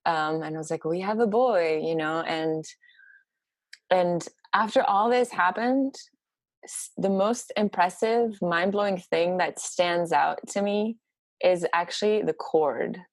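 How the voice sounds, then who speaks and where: A woman with a somewhat low voice tells a personal story in a casual, halting way, full of fillers and lively turns. The sound is close and dry. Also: dry recording. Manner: animated, halting, many fillers. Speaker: podcast guest.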